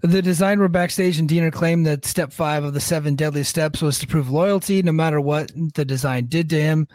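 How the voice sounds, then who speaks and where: A man hosting a casual wrestling recap podcast, relaxed, laughing often and swearing. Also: fairly high pitch, a little fast, no room sound, clean studio sound. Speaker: podcast host recapping a show.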